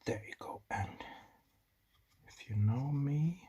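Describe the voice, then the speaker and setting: A man's voice: mid-range voice, expressive, slow, warm tone, poor audio. A man with a non-native English accent hosts a do-it-yourself electronics video. He talks casually and rambles with joking asides, muttering to himself as he works at a home workbench. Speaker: DIY electronics channel host. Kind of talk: casual talk-through while building a circuit. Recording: clear clicking and typing noise behind the voice.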